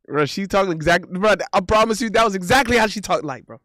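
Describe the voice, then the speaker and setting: A young man rambles through casual live-stream banter, slangy and repetitive, his voice sitting a little high for a man. He is close to the mic in a dry, dead-sounding space. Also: lively intonation, quick pace, hardly any pauses, pushed and bright, no room sound. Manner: loose, repetitive, swears, says bro a lot. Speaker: streamer host.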